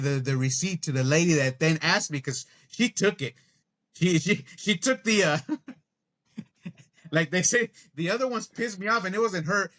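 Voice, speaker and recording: A middle-aged man telling a story in a casual, profane, animated rant as a podcast co-host. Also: a little high.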